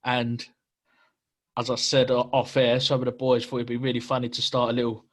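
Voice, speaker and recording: A man's voice: mid-range voice, monotone, brisk. A man hosting a casual podcast chat. He talks in a slangy, bantering way and laughs often. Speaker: podcast host.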